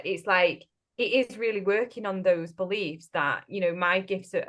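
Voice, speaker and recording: A woman, a coach, in casual podcast chat, speaking directly and bluntly and often checking in with the listener. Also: lowish voice. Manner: direct and blunt, often tags statements with "right?". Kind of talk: casual spiritual business chat.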